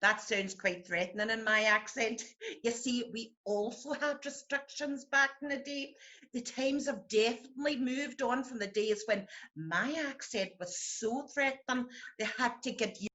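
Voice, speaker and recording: A woman's voice: fairly high pitch, normal speed, bright, forceful tone, dull audio. A woman playing a brash Scottish TV critic who tells bawdy, boastful tall tales in a comic monologue over a video call. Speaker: TV critic character.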